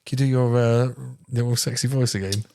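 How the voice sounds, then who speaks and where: A man's voice: mid-range voice, fairly even intonation, brisk, a little mellow. A man hosting a podcast, chatty and full of jokes. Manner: jokey and chatty. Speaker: podcast host. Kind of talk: casual chat.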